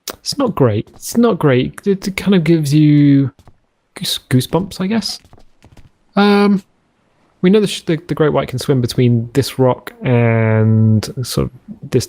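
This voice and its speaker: A man's voice: on the high side, darkish tone, no echo. A man hosting a let's play, chatting and musing aloud in a rambling way while he plays a survival game. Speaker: gaming channel host.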